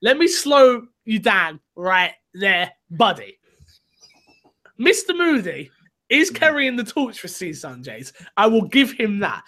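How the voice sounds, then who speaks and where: A chatty male podcast host with a noticeably high voice, talking casually about gaming with his co-host. He sounds upbeat and laughs easily, and he reads listener mail aloud. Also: very animated, slow, pushed and bright. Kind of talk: casual chat, reading listener emails.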